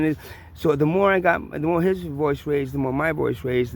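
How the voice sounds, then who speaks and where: With a New York accent, a vlogger casually recounts something that happened to him, profanely and with plenty of false starts and repetition. He talks at normal speed in a voice on the high side, marked by vocal fry.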